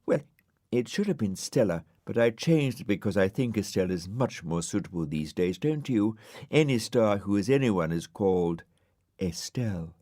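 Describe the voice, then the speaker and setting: A man's voice: lowish voice, lively intonation, normal speed, dark tone, no echo, clean studio sound. A man voicing a sweet, vain female star in a storybook, genteel and affected.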